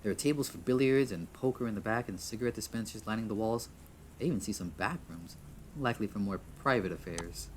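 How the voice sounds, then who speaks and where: A man's voice: fairly low pitch, quick pace, slight background noise. A man reading a visual novel aloud, often tripping over words, restarting lines and laughing at his own slips. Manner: stumbles, restarts, chuckles at himself. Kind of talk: reading game text aloud with asides.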